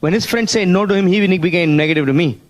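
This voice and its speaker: A man's voice: high-pitched, fast talker. A man giving a motivational seminar talk, telling stories and often asking the audience questions. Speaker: motivational speaker at a business seminar.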